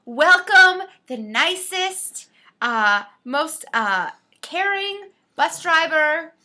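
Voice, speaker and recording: A woman with a bright, forceful voice and a slightly raised pitch co-hosts a casual podcast. She chimes in with wry, teasing asides while the story is told. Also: sing-song, extremely slow. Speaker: podcast co-host.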